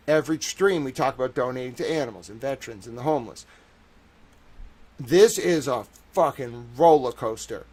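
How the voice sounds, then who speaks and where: A young man hosting a livestream, ranting excitedly and profanely, swinging from shouting outrage to low muttering. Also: moderate pace. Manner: profane, emphatic. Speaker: livestream host.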